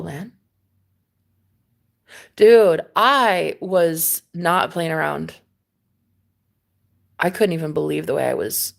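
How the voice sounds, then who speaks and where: A young woman vlogging a casual storytime rant, animated and swearing, with sudden loud outbursts and dips. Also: on the low side, vocal fry.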